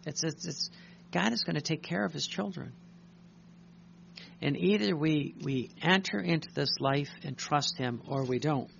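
Gravelly man preaching, hesitant. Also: fairly high pitch, a bit bright. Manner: halting, many fillers and restarts, clears throat often. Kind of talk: sermon with read-aloud passages. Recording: muffled recording with faint hum.

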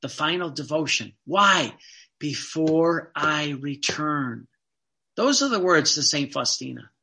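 A man's voice: on the high side, expressive, takes it slowly, gravelly, pushed and bright. A man giving a fervent devotional sermon, emphatic and repetitive, often repeating phrases for stress. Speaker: preacher.

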